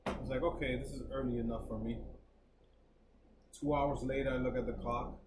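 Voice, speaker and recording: A man co-hosting a podcast in casual, profane chat, telling his own stories and quoting other people in a high voice. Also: level tone, fairly quick. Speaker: podcast co-host. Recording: echoey room, off-mic, noisy.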